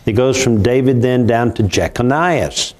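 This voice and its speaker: A man's voice: mid-range voice, unhurried, darkish tone. An older man, hosting a conversational Bible study in a folksy, emphatic way. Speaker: Bible prophecy show host.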